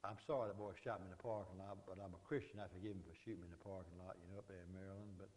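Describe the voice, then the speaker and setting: A Southern man putting on the voice of an aging governor in a wheelchair, slow and drawling, repeating the same stories. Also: low-pitched, fairly even intonation, a little mellow, voice pushed down, natural voice. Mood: rambling. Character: aging male governor in wheelchair, reminiscing, repetitive.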